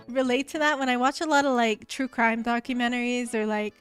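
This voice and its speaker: A woman's voice: on the high side, clear, resonant tone. An American woman streaming, chatting casually with her viewers in a rambling way, full of fillers. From United States.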